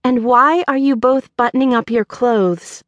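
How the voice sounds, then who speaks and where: Woman playing an exasperated young baker, questioning, slow, dry close sound. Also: fairly high pitch, dry recording, muffled recording, pitched above the performer's own voice, natural voice.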